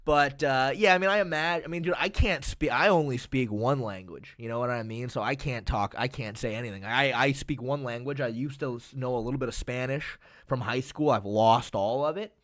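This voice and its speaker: A man's voice: mid-range voice, brisk, few pauses, a bit bright. A man from the USA hosting a livestream, chatting casually in a rambling, filler-heavy way and swearing freely. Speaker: livestream host. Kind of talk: casual chat.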